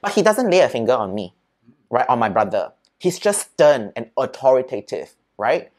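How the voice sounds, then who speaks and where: A man with a Singaporean accent, a podcast guest, telling childhood stories in a lively, chatty way and often adding "right?" and "lah". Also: mid-range voice, normal speed. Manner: animated storyteller, peppers speech with "right?" and "lah". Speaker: interview guest. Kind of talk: casual storytelling in an interview.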